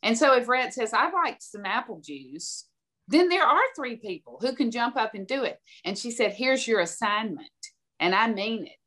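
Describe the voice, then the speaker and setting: A woman's voice: on the high side, lively intonation, normal speed, a bit bright. An older woman from the American South, a podcast guest giving direct, emphatic advice and telling stories. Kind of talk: conversational advice.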